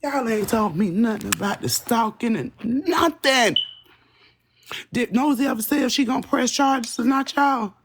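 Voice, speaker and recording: Her voice is fairly high, creaky and slightly rough as this woman hosts a live stream at normal speed. She rambles from thing to thing, swearing and chatting casually straight to her chat.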